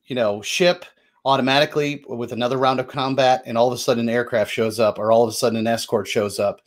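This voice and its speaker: A man's voice: medium pitch, steady tone, fast talker. A man hosting a board game session, explaining the rules casually, loose and chatty, with fillers and self-corrections.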